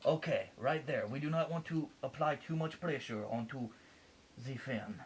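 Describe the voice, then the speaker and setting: Here a mock surgeon, really a man faking a French accent, fusses playfully through step-by-step instructions for fixing a computer in a jokey home repair video. He speaks in a mid-range voice at normal speed, with slight background noise.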